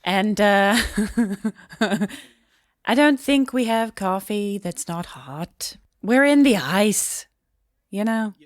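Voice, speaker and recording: A woman voicing a cheerful female handler from Minnesota in a slow, sing-song, overly friendly Minnesota accent. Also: medium pitch, lively intonation, no room sound, studio quality. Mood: matter-of-fact. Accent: put-on Minnesota.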